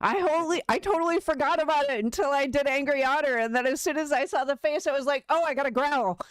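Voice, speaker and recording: A woman's voice: high voice, fast, no echo. A woman streaming and playing a tabletop game, talking in a playful, giggly way. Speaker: streamer and player. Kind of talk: casual tabletop game chat.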